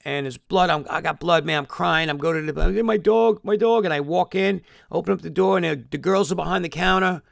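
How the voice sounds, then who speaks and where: A man's voice: on the high side, steady tone, a little fast, vocal fry, few pauses, fairly bright tone, no echo, studio quality. A man telling a long emotional story in a rambling live-stream monologue, swearing often.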